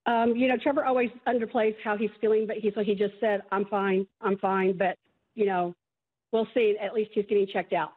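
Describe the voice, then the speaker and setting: A mother being interviewed by phone on the news, talking quickly with some fillers. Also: mid-range voice, fairly even intonation, breathy edge. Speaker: mother of a released prisoner. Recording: tinny phone line.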